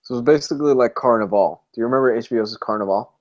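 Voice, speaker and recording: A man co-hosting a casual movie chat, enthusiastic and quick to laugh. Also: medium pitch, dull audio. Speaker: podcast co-host.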